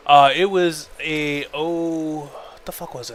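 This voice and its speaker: A man's voice: fairly high pitch, fairly even intonation, takes it slowly, slight background noise. A man streaming a game and telling a story in a rambling, casual way. He swears freely, leans on "like," and acts out both sides of every exchange he describes. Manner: rambling, profane, leans heavily on 'like'. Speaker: streamer and host. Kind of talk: casual storytelling while gaming.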